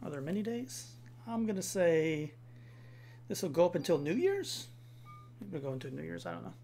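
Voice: medium pitch, sing-song, moderate pace, vocal fry, mellow, slight background noise. A let's-play host giving casual gameplay commentary in a rambling, self-deprecating way.

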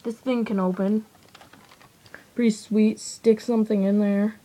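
A woman's voice: mid-range voice, little pitch movement, measured pace, dark tone, low-quality recording. A woman giving a rambling, casual toy review with many fillers, often trailing off.

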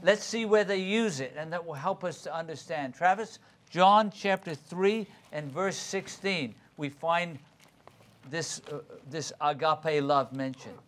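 A man's voice: on the high side, measured pace, a bit bright. A male pastor leading an interactive Bible study, calling on readers by name and explaining the verses they read.

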